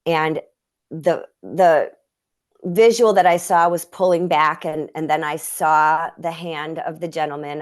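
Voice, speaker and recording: Woman with a low voice, earnest emotional storytelling, lots of restarts, sounds like a video call. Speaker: guest healer. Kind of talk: personal storytelling in conversation.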